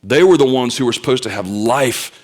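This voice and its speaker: A young man preaching a sermon, telling stories with loud bursts and quiet asides. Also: medium pitch, a little fast. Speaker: pastor.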